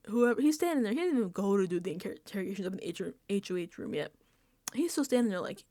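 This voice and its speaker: A woman's voice: mid-range voice, lively intonation, fairly quick, warm tone, no echo. A woman casually recapping a reality show episode, chatty and laughing often, sometimes dropping into whispered asides. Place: indoors, home setup.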